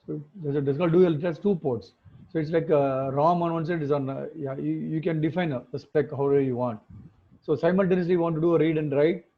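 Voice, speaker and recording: A man with a slightly high voice talks at a quick clip while teaching an online class. He walks through the material step by step, often checking in with tag questions, and the call audio sounds muffled and phone-like.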